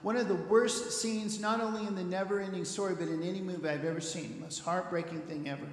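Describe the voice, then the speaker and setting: A male pastor preaching a sermon, earnest and emphatic, rising to loud peaks. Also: high-pitched, fairly even intonation, quick pace. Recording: roomy hall reverb.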